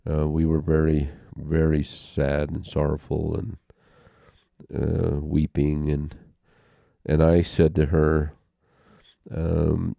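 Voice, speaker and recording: Recorded close and dry with no room sound, an older interview guest tells a personal story in a very deep, gravelly, dark-toned monotone. He takes his time, speaking haltingly and sincerely, often pausing and restarting.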